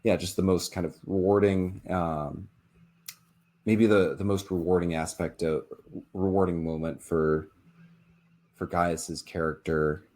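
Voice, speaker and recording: A man's voice: deep voice, steady tone, measured pace, a little mellow. A man hosting an interview podcast, asking rambling, hesitant questions full of fillers. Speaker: podcast host.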